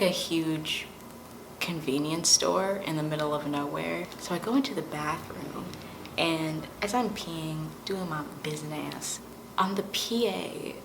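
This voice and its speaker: A young woman hosting a travel vlog, telling stories in a wry, deadpan way with playful asides. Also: sits low, creaky. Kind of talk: casual storytelling to camera. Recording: echoey room with background noise.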